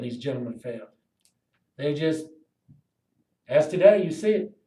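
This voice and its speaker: A high-voiced man talks straight to camera in a long, rambling monologue. He curses freely and lurches between loud outbursts and low, muttered asides. His voice rings around an echoey room. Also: lively intonation, measured pace, pauses often. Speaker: video blogger.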